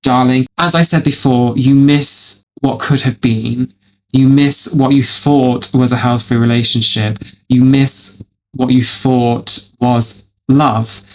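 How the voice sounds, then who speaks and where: A man's voice: medium pitch, steady tone, slow pace, a little mellow, a little hiss or hum. A man hosting a reaction video, responding to online stories in a dramatic way, calling the listener darling and swearing freely.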